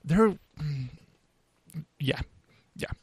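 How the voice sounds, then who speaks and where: A man's voice: on the high side, animated, extremely slow, breathy edge, no echo. A man co-hosting a casual car podcast, who talks with many fillers and restarts. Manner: hesitant, full of fillers and restarts. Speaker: podcast co-host.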